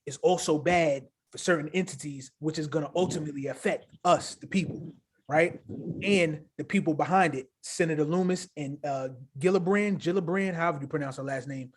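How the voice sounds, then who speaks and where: A man co-hosting a casual crypto livestream, talking in an animated, hyped way with a habit of tagging "right?" onto his sentences. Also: fairly high pitch, brisk. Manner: animated, hyped, repeats himself with filler "right?". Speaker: crypto show co-host.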